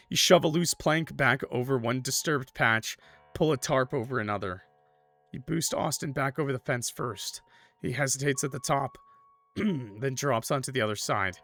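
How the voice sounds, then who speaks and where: Here a streamer reads the text of a horror game aloud and makes casual remarks in between, leaning heavily on "like" and "bro." His voice is mid-range and a bit bright, and his manner stays relaxed throughout.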